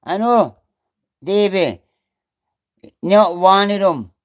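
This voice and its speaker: A middle-aged Scottish man streams live and talks straight to his viewers. His voice sits a little high for a man. He is blunt and swears freely as he answers comments. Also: expressive, takes it slowly. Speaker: livestreamer reading chat. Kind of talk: casual livestream chat.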